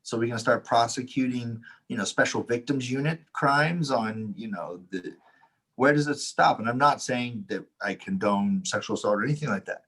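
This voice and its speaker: Husky-voiced man telling a rowdy story. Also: medium pitch, normal speed. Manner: animated anecdote, acts out quotes, laughs often, swears. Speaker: Taoist teacher, podcast co-host. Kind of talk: casual storytelling chat.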